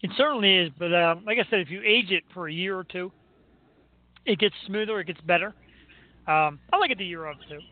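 A man's voice: high-pitched, brisk, no echo. A man hosting a radio show, chatting casually in a joking, self-mocking way. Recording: tinny phone-like line.

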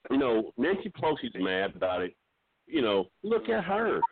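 A middle-aged man calling in to a talk show, telling meandering jokes with halting restarts. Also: mid-range voice, huge pitch swings, husky, dry recording. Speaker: regular caller. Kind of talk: rambling comedic call-in chat. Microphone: phone. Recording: dry tinny phone line.

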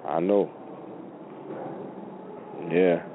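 A man's voice: sits low, fairly even intonation, drawn-out words. A man hosting a radio show, chatting casually with callers in a laid-back way full of fillers. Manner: laid-back, filler-heavy talk with frequent laughs. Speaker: radio host. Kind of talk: casual on-air chat with callers. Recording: phone-like narrow radio audio with faint noise.

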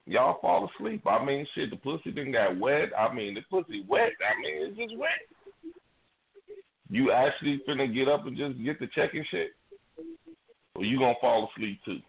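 A man on a radio talk show, arguing loudly and insistently with heavy profanity and lots of repetition. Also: medium pitch, big pitch swings, moderate pace, gravelly, breathy edge. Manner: profane, loud, insistent, repeats himself. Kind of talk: heated casual argument. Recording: tinny phone-like audio with loud noise.

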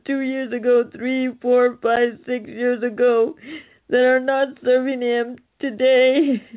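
A woman relaying a prophetic message in an earnest, tearful, pleading way. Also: high voice. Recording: tinny phone-like recording.

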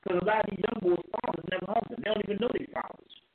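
A man speaks on a call-in radio show over a thin, phone-like line with a faint hiss behind him. He talks quickly and earnestly, rambling and repeating phrases as he goes. His voice sits a little high. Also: fairly even intonation. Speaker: caller. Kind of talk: call-in talk radio chat.

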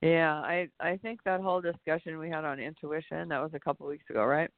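A man's voice: on the high side, steady tone, brisk, no echo. A man co-hosting a reflective spiritual talk show, rambling and searching for his words. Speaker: podcast co-host. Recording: tinny phone-line sound.

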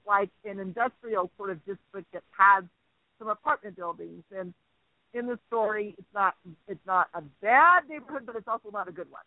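Animated high-voiced male radio host. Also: no room sound. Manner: animated storyteller acting out quotes. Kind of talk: storytelling on talk radio. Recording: dry tinny phone-like line.

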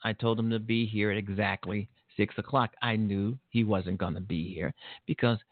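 Talking about his son, a middle-aged show host delivers a rambling, repetitive casual monologue from his home studio. He has a lowish voice, a steady tone, and a moderate pace, with no room sound, though the line sounds tinny and phone-like.

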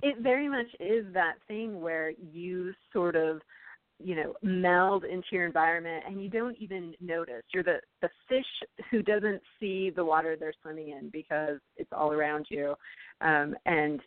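A woman's voice: lowish voice, moderate pace, no echo. A woman from California, an author, talking through her book in a casual interview with many ums and you-knows. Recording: tinny, dry phone-line audio.

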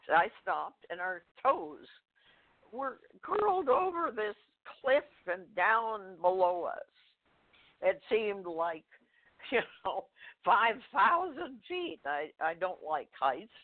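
An older woman, a guest author, telling a personal story in a phone interview, halting, with fillers, restarts and soft laughs. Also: medium pitch, big pitch swings. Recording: tinny phone line.

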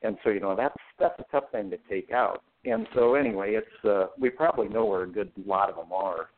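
A male guest on a talk show, telling anecdotes in a relaxed way and laughing often. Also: lowish voice, fairly quick. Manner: anecdotal, chuckles while telling stories. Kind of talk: casual talk show discussion. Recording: tinny phone line.

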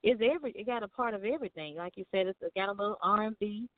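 A young woman from Memphis, speaking with a Southern accent, calls in as a singer-songwriter guest. She answers in an easygoing, reflective way at a middle pitch. Her voice comes over a dry, narrow phone line. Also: quick pace, no echo. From Memphis, Tennessee. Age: young adult. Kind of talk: casual interview answers. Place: calling in from home.

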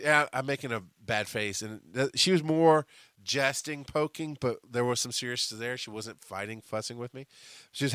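Bright-voiced, profane podcast man. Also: mid-range voice, quick pace, dry recording, clean studio sound. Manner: profane, animated storytelling with frequent restarts. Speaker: podcast host. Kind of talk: casual monologue.

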